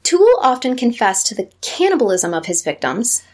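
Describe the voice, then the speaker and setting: A woman co-hosting a true crime podcast, reading her notes aloud and slipping in wry dark jokes. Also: fairly high pitch, very animated, a little fast. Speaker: podcast co-host.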